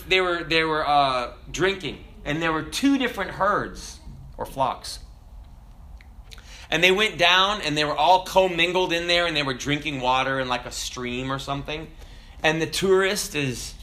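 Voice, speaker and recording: His voice sits a little high as he preaches, spinning his sermon into an animated, chatty story and frequently speaking directly to those listening.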